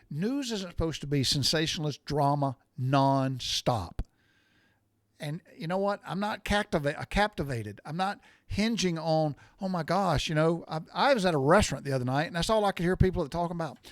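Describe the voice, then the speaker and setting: A middle-aged man hosting his own podcast, and his voice sits a little higher than most men's. He rants in a blunt, folksy way, circling back and repeating himself as he gets worked up. The sound is close and dry, with no room around it. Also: no echo. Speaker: podcast host. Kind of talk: opinionated solo podcast rant.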